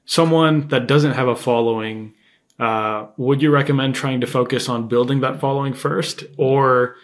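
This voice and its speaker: A man's voice: medium pitch, normal speed. Man asking easygoing interview questions. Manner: relaxed, hesitant questions with fillers. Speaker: podcast host.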